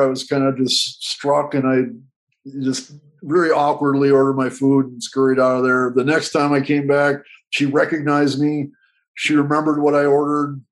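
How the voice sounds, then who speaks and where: A man's voice: a little high, poor audio. A man speaking as a guest, earnest and candid, telling a personal story with frequent restarts and repetitions. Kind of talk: reflective storytelling.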